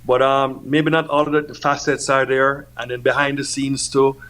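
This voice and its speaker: A man from Jamaica who works as a music producer, giving relaxed interview answers that are full of "you know what I mean". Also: mid-range voice, normal speed.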